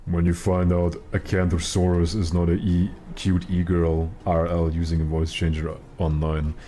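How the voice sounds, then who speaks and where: A young man with a naturally very deep voice, chatting casually on a game stream, rambling and joking with lots of fillers. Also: completely flat delivery, normal speed, mellow.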